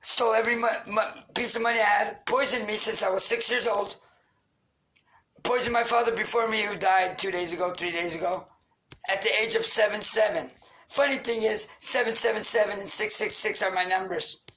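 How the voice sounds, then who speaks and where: A man's voice: high voice, steady tone, brisk, bright, forceful tone, slight background noise, rough recording. A man rants into the camera, angry and accusatory. He fires off grievances and insults in a raw, unscripted monologue. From Queens, New York. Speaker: vlogger. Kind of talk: ranting monologue.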